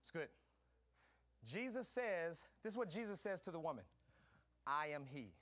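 A male pastor in full sermon with a high, bright, forceful voice. He moves between hushed teaching and loud shouted proclamations, stopping to call out to the congregation for a response. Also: sing-song, moderate pace. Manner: preaching with call-and-response, swinging from soft to shouting.

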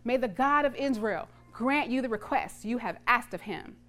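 A woman's voice: a little high, animated, normal speed, fairly bright tone, faint music behind. A woman voicing a stern old male priest who speaks with solemn authority. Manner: accusing, then blessing.

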